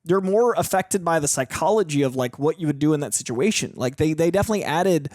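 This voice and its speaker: A young co-host with a very lively, swooping voice, talking over a film in a dry, close recording. The delivery is animated, jumping into silly voices for the jokes. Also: medium pitch, fast talker, no room sound. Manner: animated, jumps into exaggerated voices when joking. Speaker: co-host of a movie reaction show. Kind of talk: casual chat reviewing a film.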